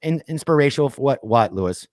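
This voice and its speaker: A man's voice: mid-range voice, animated, fast, no room sound, clean studio sound. A man hosting a casual pop culture podcast, chatting loosely and reading off lists with plenty of fillers. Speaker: podcast host. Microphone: streamed call mic.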